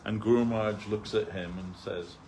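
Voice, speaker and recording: Low-voiced man rambling through a story. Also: steady tone, fairly quick, darkish tone, slight background noise. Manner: rambling, full of "like" and "you know". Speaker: devotee speaker. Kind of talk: anecdotal talk on a reading. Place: temple hall.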